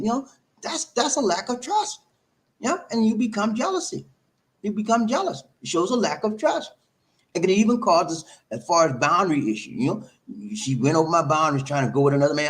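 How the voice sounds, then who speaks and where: Brief: male advice vlogger, slightly high voice with a very lively pitch, emphatic and preachy, repeats himself and fires off rhetorical questions. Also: fairly quick. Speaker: relationship advice host. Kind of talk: talking to camera, advice monologue.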